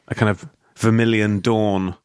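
A man's voice: fairly low pitch, flat delivery, a little slow, a little mellow, clear, resonant tone, no echo, studio quality. A man co-hosting a casual podcast, riffing and rambling through jokes with lots of fillers. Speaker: podcast co-host. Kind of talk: casual chat.

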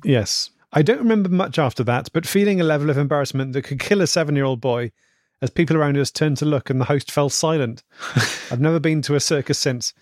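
A man's voice: on the high side, fast, hardly any pauses, a little mellow, dry recording. Man reading emails, dry close sound. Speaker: podcast co-host reading listener emails. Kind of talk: casual chat, reading letters aloud.

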